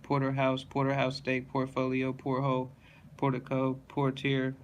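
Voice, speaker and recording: Man reading a word list in a flat monotone. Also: mid-range voice, moderate pace, slight background noise. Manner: flat, monotone listing with self-corrections.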